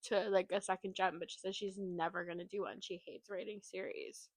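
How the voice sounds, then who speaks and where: A woman's voice: mid-range voice, fairly even intonation, fairly quick, no room sound. A woman co-hosting a podcast, chatting casually about a novel, gushing and laughing often. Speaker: podcast co-host. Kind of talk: casual book discussion.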